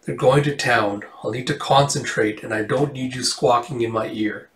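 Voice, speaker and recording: A man voicing a sinister hooded figure who speaks slowly in a hushed, menacing tone. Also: medium pitch, steady tone, lightly acted. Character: sinister hooded green-skinned watcher, hushed. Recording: roomy, distant mic.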